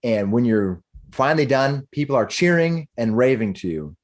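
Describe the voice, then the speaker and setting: A man's voice: mid-range voice, expressive, normal speed. A man narrating as game master of a tabletop game, rambling and restarting as he goes.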